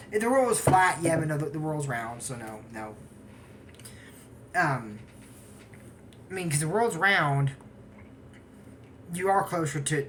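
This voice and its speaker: A woman's voice: deep voice, fairly bright tone, a little hiss or hum. A woman casually recapping a cartoon episode, rambling off on tangents and giggling often. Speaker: anime episode reviewer.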